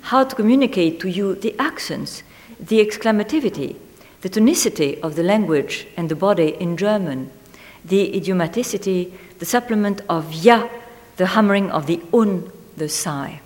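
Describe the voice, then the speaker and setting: A woman reading a literary essay aloud in a measured, deliberate way, lingering on single words. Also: mid-range voice, expressive, darkish tone. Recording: long hall reverb.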